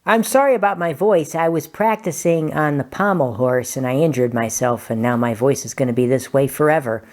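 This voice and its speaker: A male chemistry teacher talking in a squeaky voice after inhaling helium, joking and then explaining in a casual lesson intro. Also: a little fast, natural voice. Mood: mock apologetic.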